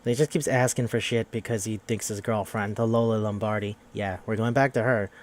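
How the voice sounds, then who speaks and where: A fairly low-voiced man talks through a video game's story in a loose, rambling podcast style. He swears freely and slips into quick voices for the characters as he goes. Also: fairly even intonation. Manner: rambling, profane, acts out characters' lines. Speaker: podcast host. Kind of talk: casual podcast game recap.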